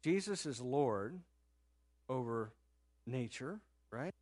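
A man preaching a sermon in a conversational, animated storytelling manner, rising sharply in pitch and loudness at times and dropping to a soft low voice for quoted words. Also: slow pace. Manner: drops to a soft, low voice when quoting Jesus. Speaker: pastor.

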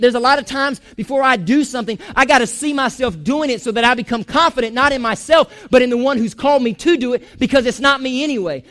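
A man preaching a sermon in a church, animated, joking and going off on asides. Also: very high-pitched. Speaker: pastor.

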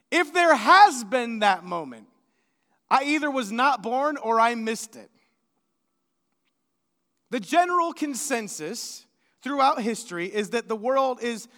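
A man's voice: very high voice, bright, forceful tone. A male pastor preaching a sermon in an earnest, conversational way, often restarting his sentences. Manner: earnest, with frequent restarts and stammers. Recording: long hall reverb.

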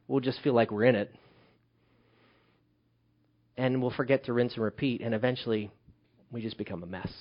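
A man preaching a sermon as pastor, swinging from loud emphatic calls to hushed, quiet lines. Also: medium pitch, fairly even intonation, moderate pace, long pauses, highs cut off.

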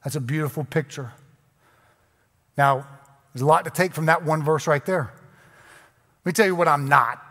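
A man's voice: fairly high pitch, normal speed, long pauses, fairly bright tone. A man preaching a sermon as a pastor, in a conversational, joking, self-deprecating way. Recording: long hall reverb.

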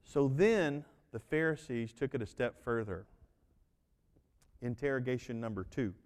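A man preaching a sermon as pastor, folksy and animated, acting out voices as he tells stories. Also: medium pitch, measured pace. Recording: reverberant hall.

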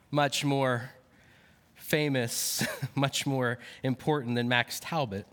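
A man's voice: fairly high pitch, sharp tone, clean tone. A man preaching a sermon, telling a personal story with frequent fillers and then reading scripture aloud. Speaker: pastor. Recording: long hall reverb.

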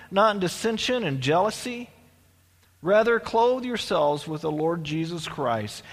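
A man's voice: high voice, a bit bright, in a large hall. A male pastor preaching a sermon in a church, in a conversational way with restarts and asides.

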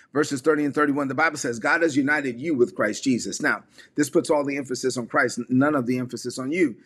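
A man's voice: mid-range voice, fairly bright tone, breathy edge. A man preaching a sermon to an online audience, emphatic and repetitive, calling on listeners to repeat lines aloud. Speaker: pastor.

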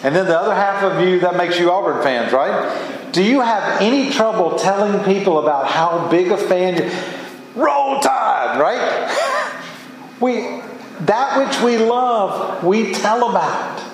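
A man preaches with earnest emphasis, his fairly high voice lifting as he presses a point. The sound is roomy and reverberant, like a church sanctuary heard from some distance, with a faint hiss beneath. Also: unhurried. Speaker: pastor. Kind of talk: sermon. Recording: echoey hall from far off.

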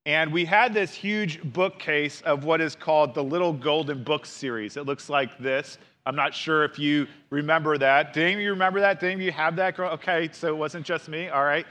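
Bright, chatty male preacher. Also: fairly high pitch, brisk, hardly any pauses. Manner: conversational, with storytelling asides. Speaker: pastor. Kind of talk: sermon.

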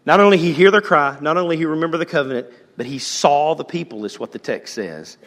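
A man preaching a sermon as pastor, moving between loud calls and hushed, almost whispered lines. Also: on the high side, quick pace, big-room sound.

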